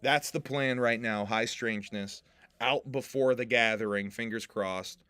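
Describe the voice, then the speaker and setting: A man's voice: mid-range voice, measured pace, sharp tone, clean tone, no echo. A man hosting a casual livestream podcast, joking with his chat, laughing often and swearing freely. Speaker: podcast host and rapper.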